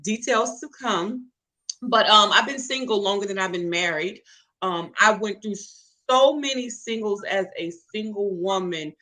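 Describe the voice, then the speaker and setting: A woman's voice: medium pitch, unhurried, sharp tone, poor audio. A woman, an interview guest telling her story in an emphatic, preacherly way and calling out to listeners. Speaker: interview guest, catering business owner. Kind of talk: testimony-style storytelling.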